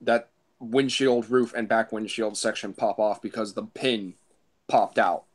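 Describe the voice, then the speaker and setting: A man's voice: fairly low pitch, fairly even intonation, measured pace. A young man co-hosting a casual toy podcast, laid-back and explaining details. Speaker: podcast co-host. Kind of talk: casual chat.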